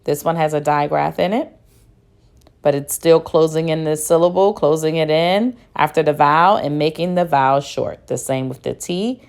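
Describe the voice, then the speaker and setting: A woman's voice: low-pitched, normal speed, darkish tone, clear, resonant tone. A woman teacher giving a phonics lesson, patiently sounding out and spelling words one syllable at a time. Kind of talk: phonics lesson, slow and deliberate.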